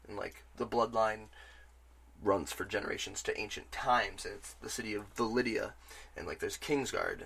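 Bright-voiced man ranting about games. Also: lowish voice. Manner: rambling, excitable, swears freely. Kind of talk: casual game chat.

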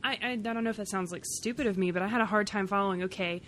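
A woman's voice: mid-range voice, rapid-fire, fairly bright tone, slight background noise. A woman co-hosting a casual podcast chat, blunt and swearing, sitting a bit far from the mic. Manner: blunt, swearing, laughs often. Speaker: podcast co-host. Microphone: too far from the mic.

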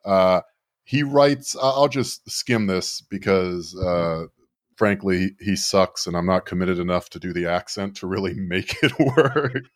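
A low-pitched man talks through the news on a podcast, sardonic and rambling, tripping over his own restarts. The sound is dry and close, with no room around it. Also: expressive, a little slow, no room sound. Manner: sardonic, rambling, frequent self-corrections. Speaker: podcast co-host. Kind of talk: casual political podcast banter.

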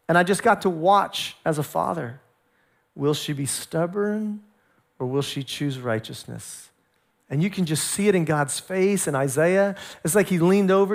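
A man, a pastor, preaching a sermon with lively storytelling, acting out voices as he goes. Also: high-pitched, vocal fry.

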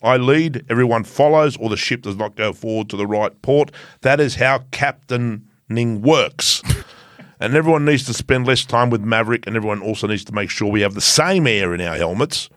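A man's voice: medium pitch, fairly bright tone, dry recording, clean studio sound, close to an everyday voice. A man voicing a pompous, self-important ship captain in a stiff, put-on foreign accent as a comic podcast bit. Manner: stiff commanding fake foreign accent, slow and deliberate. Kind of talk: comedic podcast skit.

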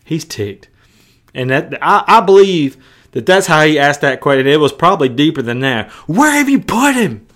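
A man's voice: fairly high pitch, normal speed, fairly bright tone. Emphatic, chatty male preacher. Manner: emphatic and conversational, with colloquial asides. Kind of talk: sermon.

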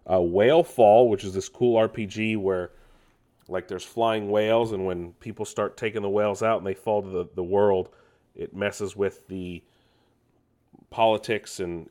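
Deep-voiced male podcast host, rambling and casual, lots of filler words. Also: fairly even intonation, measured pace, dark tone. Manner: loose, rambling delivery full of ums and restarts. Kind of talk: casual gaming news podcast.

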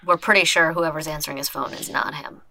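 A woman voicing a calm, guarded female fixer who speaks low, hushed and deliberate in a tabletop game. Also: a little hiss or hum. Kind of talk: tabletop role-play voice.

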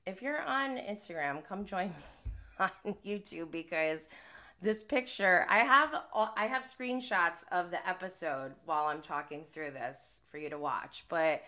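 Bright-voiced chatty woman recapping TV. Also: lowish voice, a little slow. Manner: chatty, heavy use of "like", often laughing. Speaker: reality TV recap host. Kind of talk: casual live-stream recap commentary.

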